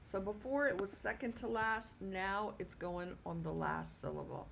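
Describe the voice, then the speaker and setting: A woman teaching a casual video lesson, speaking patiently and repeating words slowly for learners. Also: medium pitch, gravelly, background noise. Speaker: Spanish teacher.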